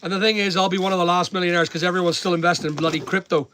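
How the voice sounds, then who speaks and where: Blunt Northern Irish man, high voice. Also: steady tone, racing, sharp tone, a little hiss or hum. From Northern Ireland. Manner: blunt, preachy advice with British slang. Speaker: online seller and livestream host. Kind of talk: casual livestream chat, reading and answering comments.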